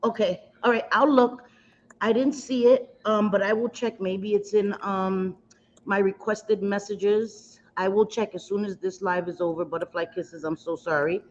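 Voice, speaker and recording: A woman's voice: mid-range voice, fairly even intonation, moderate pace, a little hiss or hum. Chatty woman hosting a makeup livestream. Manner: chatty, affectionate greetings to viewers; rambling, self-mocking. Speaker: beauty livestream host. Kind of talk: casual livestream chat while doing makeup. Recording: slightly dull lo-fi livestream audio.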